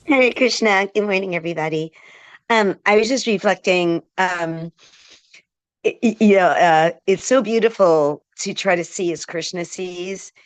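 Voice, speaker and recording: A woman sharing a gentle, musing reflection with a devotional class over a video call. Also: lowish voice, unhurried, no room sound. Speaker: class participant.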